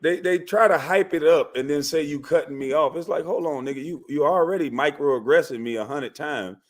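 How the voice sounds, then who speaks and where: A man's voice: a little high, a little fast. A man hosting a call-in livestream, arguing bluntly and profanely with callers. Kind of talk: heated call-in banter.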